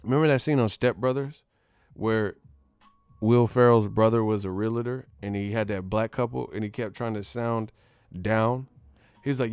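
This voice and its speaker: A man's voice: lowish voice, fairly even intonation, moderate pace, darkish tone, clean tone, no room sound, faint music behind. A man hosting a boxing channel, ranting casually with profane, mocking, slang-heavy talk. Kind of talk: casual rant to camera.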